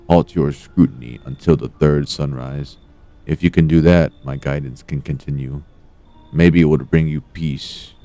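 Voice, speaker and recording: A man voicing an ominous, all-seeing mystical entity that speaks in slow, archaic, cryptic phrases. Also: a bass voice, mellow.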